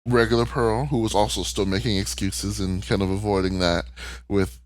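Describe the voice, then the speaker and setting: A man whose voice sits on the low side talks at normal speed with fairly even intonation. In casual podcast chat as a co-host, he recaps a cartoon candidly and emotionally, cursing freely.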